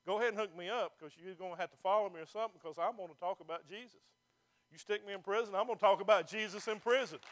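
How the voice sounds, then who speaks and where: A man with a notably high voice delivers a sermon as pastor. He preaches with emphasis, pressing the congregation with rhetorical questions. He is speaking to people seated in a church. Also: fast.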